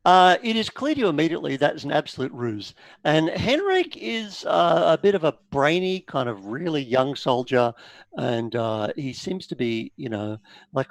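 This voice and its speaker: A man's voice: mid-range voice, normal speed, no echo. A man narrating as game master of a tabletop horror game, with lots of uh and like. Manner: animated storyteller, with many fillers.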